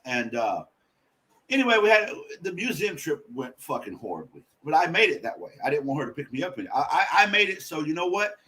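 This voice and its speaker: Man, husky, animated pitch, candid profane storytelling, interview guest. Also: fairly quick. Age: adult. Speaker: podcast guest.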